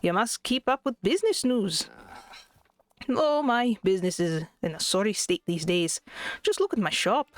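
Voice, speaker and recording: A woman's voice: medium pitch, lively intonation, moderate pace, no room sound, lightly acted. A woman voicing a miserly old male Scottish duck tycoon, reading game dialogue aloud in an attempted brogue. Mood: pompous.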